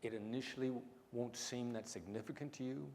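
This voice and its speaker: A man's voice: mid-range voice, a little mellow. Emphatic man with Midwestern-New York accent. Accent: mix of small-town Midwestern and New York City. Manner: punchy, emphatic storytelling with dramatic pauses. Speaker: keynote speaker, negotiation expert. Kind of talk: conference keynote storytelling. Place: large lecture hall. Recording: hall reverb, faint room noise.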